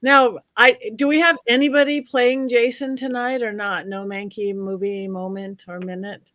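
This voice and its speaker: A woman hosting a casual live stream, briskly moving the panel along to the vote. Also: fairly high pitch, flat delivery, fairly bright tone, no echo. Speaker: host.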